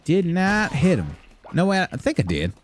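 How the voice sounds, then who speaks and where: Cussing streamer with a Southern drawl. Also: male voice, on the high side, huge pitch swings, normal speed, a little hiss or hum. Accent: put-on Southern US drawl. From Michigan, raised largely in the US South. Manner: profane, laid-back, chatty. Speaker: game streamer. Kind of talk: casual live gameplay commentary.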